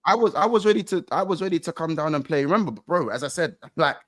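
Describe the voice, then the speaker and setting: A man's voice: a little high, expressive, fast, a bit bright, no room sound, clean studio sound. A young man from London with a London accent, hosting a football podcast in loose, slangy banter full of restarts. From England. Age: young adult. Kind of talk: casual chat.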